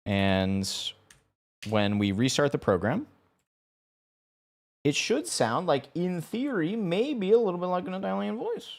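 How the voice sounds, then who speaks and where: A man's voice: sits high, expressive, measured pace, creaky, pauses often. A young man talking casually on a live stream, rambling and stumbling over his words. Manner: rambling, stumbling, laughing often.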